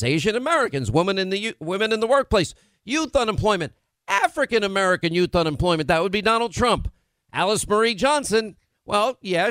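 A man hosts political talk radio in a fairly high voice, pressing his points emphatically. He is combative and adds sarcastic asides. The sound is dry and close, with no room in it. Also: a bit bright, no room sound. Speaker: radio talk show host.

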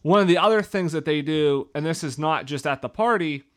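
A man from the northeastern United States co-hosts a casual podcast chat, keeping things conversational and asking follow-up questions. His voice is slightly high, a bit bright, and fairly quick.

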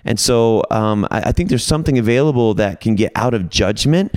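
Middle-aged man, deep-ish voice, playful raconteur, dry close mic. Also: a little fast, dry recording. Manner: animated storyteller, quotes himself and others; humorous, coins playful words. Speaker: podcast guest. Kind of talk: storytelling in a casual group chat.

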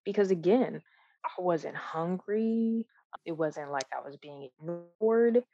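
Low-voiced woman, earnest personal chat, dry slightly muffled recording. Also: takes it slowly. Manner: reflective, earnest, with frequent restarts and soft laughs. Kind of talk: candid personal conversation.

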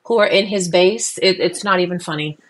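A woman's voice: on the low side, a little fast, a little hiss or hum. Chatty woman podcast co-host. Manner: chatty, lots of fillers and restarts, animated. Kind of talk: casual political chat.

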